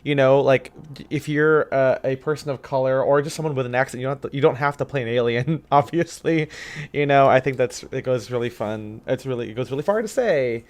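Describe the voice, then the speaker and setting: A man co-hosting a podcast in casual chat, rambling and animated, dropping quick asides and quoting movie lines. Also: medium pitch. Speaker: podcast co-host.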